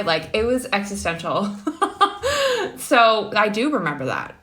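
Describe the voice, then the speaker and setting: A woman's voice: fairly high pitch, animated, moderate pace, pauses often, a bit bright. A woman guesting on a podcast, chatting casually with lots of "like" and laughing asides. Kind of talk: casual chat.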